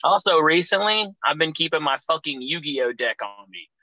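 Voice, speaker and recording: Young male wrestler guest, bright, slightly high-set voice, foul-mouthed rambling storyteller, dry close mic. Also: lively intonation, normal speed, no room sound, low-quality recording. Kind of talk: casual podcast chat.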